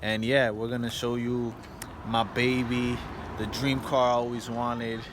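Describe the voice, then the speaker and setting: A young man talks casually to his viewers and rambles with plenty of fillers. His voice sits at an ordinary middle pitch. The outdoor video is noisy with loud background sound. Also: level tone, a little slow. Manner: rambling, filler-heavy, keeps saying "and yeah". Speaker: car vlogger. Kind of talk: casual vlog talk. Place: outdoors at home, yard and car.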